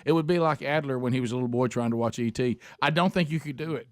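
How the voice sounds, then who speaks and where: A man's voice: medium pitch, fast, no echo. A man co-hosting a radio show, telling childhood stories in casual banter and laughing often. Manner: lively storyteller, laughs often.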